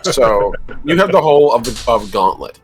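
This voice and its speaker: A man's voice: mid-range voice, sing-song, normal speed, faint music behind. A man acting as game master and narrating a tabletop game in a rambling, descriptive way, with many filler words.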